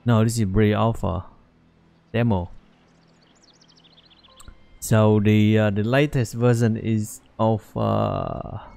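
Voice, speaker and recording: Slow, gravelly man narrating gameplay. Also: lowish voice, steady tone, mellow. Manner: halting, rambling, many fillers. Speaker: let's play host. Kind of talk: casual gameplay commentary.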